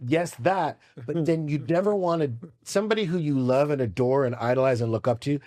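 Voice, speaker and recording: A man hosting a podcast, telling stories in an animated, casual way and swearing freely. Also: on the high side, brisk. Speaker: podcast host.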